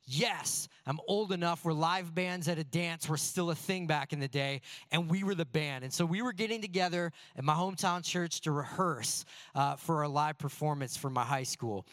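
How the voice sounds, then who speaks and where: A man on a church staff telling a humorous story in a sermon, animated and poking fun at himself. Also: fairly high pitch, moderate pace, hardly any pauses, no room sound. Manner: animated, self-deprecating anecdotes. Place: church sanctuary before a congregation.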